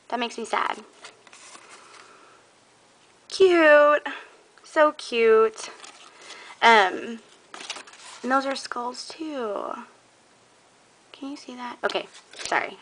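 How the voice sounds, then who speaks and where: Gushing bright-voiced young woman. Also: on the high side, slight background noise, rough recording. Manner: gushing, excitable, many fillers. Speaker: scrapbooking vlogger. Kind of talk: casual show-and-tell vlog.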